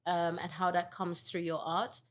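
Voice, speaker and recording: A woman's voice: on the low side, flat delivery, moderate pace. A woman hosting a podcast, asking questions hesitantly with fillers. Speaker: podcast host. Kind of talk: podcast interview.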